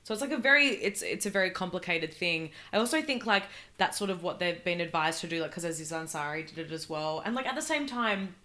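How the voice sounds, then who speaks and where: Chatty Australian woman, lowish voice. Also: quick pace, hardly any pauses. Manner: animated, swearing, lots of "like" fillers. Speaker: guest comedian. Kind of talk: casual podcast chat.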